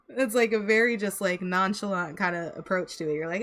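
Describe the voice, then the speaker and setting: A woman's voice: fairly low pitch, quick pace, few pauses, a bit bright. A young woman giving a casual tarot reading to camera, chatty and sympathetic, laughing and sighing often. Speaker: tarot reader.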